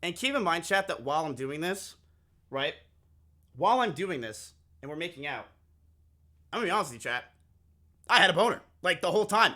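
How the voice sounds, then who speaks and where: A man with a bright, slightly high voice tells a long story to his live stream chat. He is animated and swears freely, acting out each side of the dialogue. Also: normal speed, pauses often.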